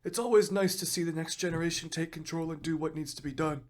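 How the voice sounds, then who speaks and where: A man's voice: a little high, steady tone, quick pace, pitched above the performer's own voice, close to an everyday voice. A man voicing an old veteran rifle with a grandfatherly, folksy manner.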